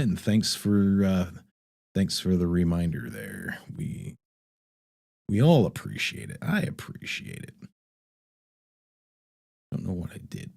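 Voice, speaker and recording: A man's voice: low-pitched, vocal fry, darkish tone. A man hosting a casual live stream, reading viewer comments aloud and rambling with frequent laughs. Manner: loose and rambling, reads chat aloud, laughs often. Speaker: livestream host.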